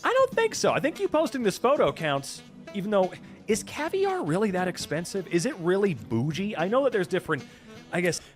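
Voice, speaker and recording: Male streamer, slightly high voice, very lively delivery, sarcastic and foul-mouthed reaction chatter. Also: brisk, soft background music. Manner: animated, swearing, sarcastic asides. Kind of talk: casual reaction commentary.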